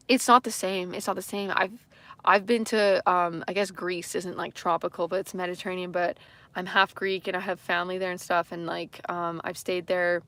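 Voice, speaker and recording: A woman's voice: mid-range voice, fairly bright tone, no room sound. Chatty young Canadian woman livestreaming. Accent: western Canadian. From western Canada. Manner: chatty, rambling, self-deprecating, frequent "like" and "um". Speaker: livestream host. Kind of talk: casual livestream chat reading comments.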